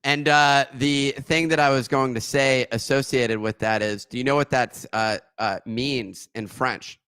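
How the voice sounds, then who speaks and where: Male co-host, bright and dry, playful, stumbling restarts. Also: medium pitch, steady tone, clean tone, no echo. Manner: joking, laughs often, halting restarts. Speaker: podcast co-host. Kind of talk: casual chat.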